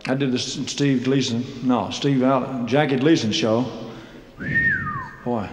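A man telling rambling, self-mocking stories from a concert stage, laughing between phrases and clearing a frog from his throat. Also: mid-range voice, steady tone, takes it slowly. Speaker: singer performing live. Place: large showroom stage. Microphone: stage microphone. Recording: echoey hall live concert recording, faint noise.

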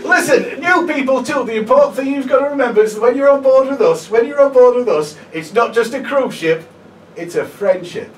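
Guy doing a cheesy cruise director, showy and loud, distant mic. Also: very high voice, a little fast, pitched above the performer's own voice. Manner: loud, showy, repeats his name. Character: cheesy middle-aged male cruise director, chummy. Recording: echoey live venue, distant mic.

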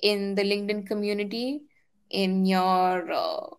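A young adult woman, a product manager, giving candid and energetic career advice, often repeating her key points. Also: mid-range voice, a little slow, smooth.

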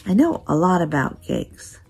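A woman's voice: on the low side, very animated, unhurried, creaky, darkish tone, breathy edge, exaggerated voice. A grandmother reading aloud, voicing a literal-minded, cheerful housekeeper with folksy, matter-of-fact speech. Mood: chipper.

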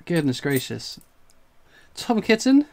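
This coin collecting streamer from England speaks slowly in a slightly high voice. His live commentary is full of exclamations and laughter, and he sounds breathless with excitement.

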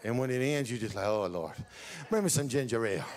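A man preaching a sermon as pastor, telling a lively story, building up to shouts. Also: mid-range voice, fast, big-room sound, noisy background.

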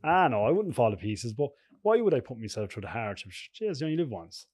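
A man's voice: medium pitch, sing-song, brisk, a little mellow, breathy edge, dry recording, studio quality. A middle-aged Irish man chatting as a guest on a podcast, rambling through anecdotes and chuckling often. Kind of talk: casual podcast chat.

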